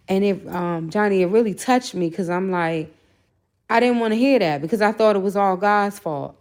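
A woman's voice: mid-range voice, moderate pace, darkish tone. A woman sharing a candid personal faith testimony as a podcast guest, earnest and full of "you know" fillers.

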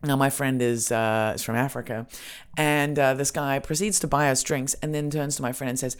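A woman's voice: extremely low pitch, a little fast. A woman hosting a podcast, telling casual stories in a rambling way with lots of fillers and swearing. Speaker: podcast host. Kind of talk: casual chat, storytelling.

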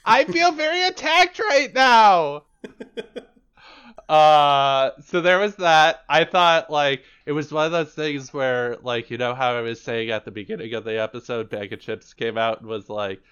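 Male podcast co-host, smooth resonant voice, chatty and filler-heavy, slightly dull lo-fi sound. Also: medium pitch, fairly even intonation, moderate pace, hardly any pauses, fairly bright tone. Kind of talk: casual chat.

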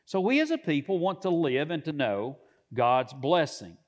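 A man with a notably high voice preaches to his congregation. He speaks in measured phrases and stretches out the words he wants to land. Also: big pitch swings. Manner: measured preaching with drawn-out emphasis. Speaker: pastor. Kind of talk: sermon.

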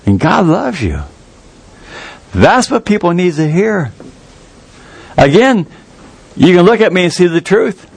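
A man preaching a sermon in a folksy, earnest way, jumping up in pitch to stress a point. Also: sing-song, creaky, slightly rough. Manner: folksy, earnest, with quick rises in pitch for emphasis.

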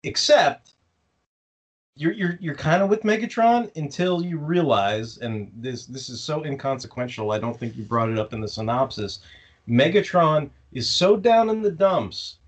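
A man's voice: on the high side, lively intonation, normal speed. A man co-hosting a casual fan podcast, ranting sarcastically with plenty of profanity and mocking impressions of the characters. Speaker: podcast co-host. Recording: slightly dull lo-fi audio.

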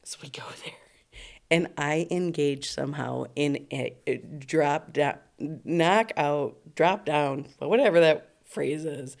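A woman's voice: sits low, slow, vocal fry, darkish tone. A middle-aged woman telling a long personal story in casual chat. She laughs often, swears freely and acts out the people in it. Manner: acts out other people's voices in quotes. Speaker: storytelling guest.

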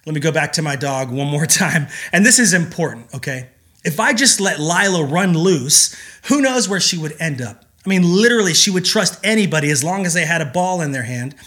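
A man preaching a sermon in an earnest, emphatic way, with dramatic pauses. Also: a little high, expressive, fairly bright tone. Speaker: pastor.

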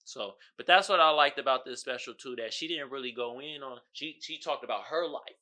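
A male podcast host giving casual, slangy commentary, animated and often asking "you feel me". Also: medium pitch, brisk. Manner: animated, acts out quotes loudly.

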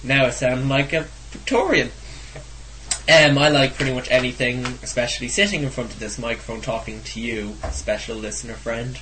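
A man's voice: medium pitch, fairly even intonation, normal speed, bright, forceful tone, slight background noise. A teenage man with a Dublin Irish accent, co-hosting a casual home podcast from his bedroom, joking and laughing. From Ireland. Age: teens. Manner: jokey, laughing, interrupting. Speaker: co-host. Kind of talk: casual amateur podcast chat. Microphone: microphone in a makeshift setup.

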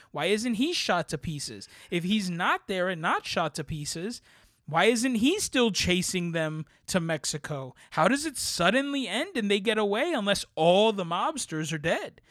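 A man co-hosting a casual movie podcast, giving blunt, animated opinions with slangy asides. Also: high voice, normal speed, no room sound, clean studio sound. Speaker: podcast co-host. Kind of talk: casual chat.

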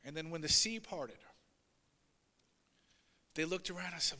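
A man preaching a sermon as pastor, swinging between loud, urgent passages and quiet asides, and voicing Bible figures in a raised voice. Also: fairly high pitch, fairly even intonation, normal speed, long reverb tail. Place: church sanctuary.

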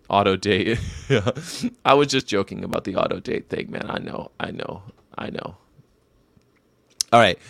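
A young man in mid-range pitch hosts a loose, rambling commentary on history facts, irreverent and quick to swear. His voice sits close and dry on the mic, with no room sound around it. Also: a bit bright, no room sound. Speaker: show host.

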